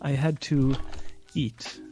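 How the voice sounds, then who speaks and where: A man, joining a live stream as a guest on a remote call, speaking haltingly. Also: medium pitch, level tone, dark tone, soft background music. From Sweden. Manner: hesitant, halting. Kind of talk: casual chat.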